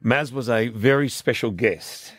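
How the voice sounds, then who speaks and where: A man's voice: mid-range voice, unhurried, slight background noise. A man hosting breakfast radio, joking cheekily with his guest and his co-host.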